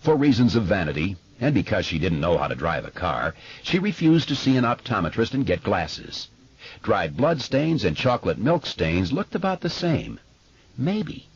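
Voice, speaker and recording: A man narrating an audiobook in a measured, expressive way, recorded in a studio. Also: lowish voice, breathy edge, highs cut off. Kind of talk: scripted narration.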